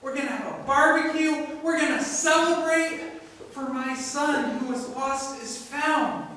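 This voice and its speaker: Preacher guy doing a dad yelling happy, bright high voice, big echoey room. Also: fairly even intonation, a little slow, distant mic, a little hiss or hum, heavily acted. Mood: joyful. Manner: shouting with joy, urgent. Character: overjoyed father welcoming his lost son home.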